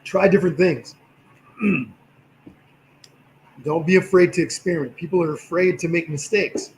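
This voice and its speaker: A man with a slightly tired voice, teaching a livestream painting class in a relaxed, encouraging way while he works. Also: a little high, normal speed, echoey room, poor audio. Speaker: painting instructor.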